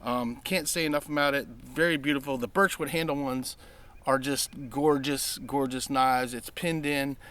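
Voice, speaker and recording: In a casual unboxing vlog, a knife collector eagerly shows off his purchases, full of ums, restarts and repeated praise. His mid-range voice is a bit bright, with fairly even intonation and a moderate pace.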